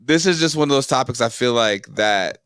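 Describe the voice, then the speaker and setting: A man's voice: mid-range voice, animated, brisk, a bit bright, clear, resonant tone, no echo, studio quality. A man from Seattle in casual podcast discussion, explaining with animation and a habit of repeating "like".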